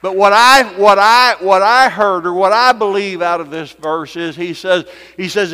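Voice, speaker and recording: A man preaching a sermon as pastor, folksy, repeating his phrases and swinging from loud to hushed. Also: high voice, unhurried, hardly any pauses, clean tone. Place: church sanctuary. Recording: long reverb in a church hall with soft music behind.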